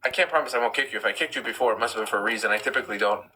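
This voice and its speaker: A man's voice: fairly low pitch, very fast, sharp tone, slight background noise, poor audio. A man hosting a live stream, reading chat comments aloud and answering them bluntly. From United States. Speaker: livestream host.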